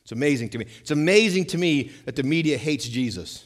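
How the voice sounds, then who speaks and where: A man's voice: fairly high pitch, fast talker. Preaching man in a reverberant hall. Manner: animated preaching, swings between loud emphasis and hushed asides, repeats lines. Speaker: pastor. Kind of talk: sermon.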